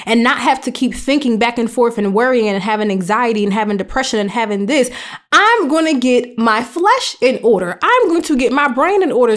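Young woman, faith podcast host, slightly high voice, earnest, emphatic, conversational. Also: lively intonation, moderate pace.

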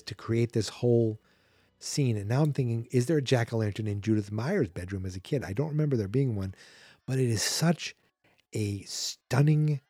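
A man's voice: mid-range voice, dark tone, husky, dry recording, clean studio sound. A man hosting a podcast, animatedly recapping a horror movie and acting out the characters' lines. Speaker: podcast host.

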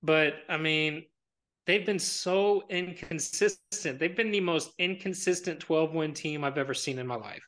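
A man's voice: on the high side, a little slow, fairly bright tone. A man giving casual sports predictions as a pundit, rambling with many fillers and restarts, then making confident picks.

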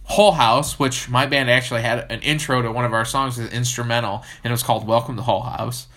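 A young man co-hosting a horror movie podcast, chatting casually, swearing constantly and laughing loudly. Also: mid-range voice, steady tone, fairly quick. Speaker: podcast co-host. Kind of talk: casual profane chat.

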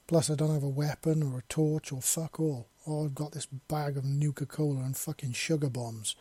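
A man's voice: a little high, fairly even intonation, moderate pace, dark tone, slightly rough, dry recording. A man voicing a nervous, apologetic young male escapee who swears a lot, in a fan fiction audiobook reading. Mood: jittery.

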